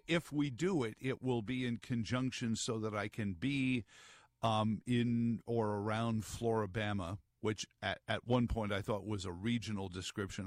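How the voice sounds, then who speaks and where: A man's voice: fairly low pitch, no room sound, studio quality. A middle-aged man hosting a morning radio talk show, rambling through news with wry asides and lots of fillers.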